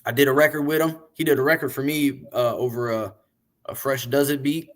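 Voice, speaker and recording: A man being interviewed, telling long, animated, profane stories about the music business in a casual way. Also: medium pitch, brisk. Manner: animated, profane, rambling storyteller. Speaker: interview guest, music industry figure.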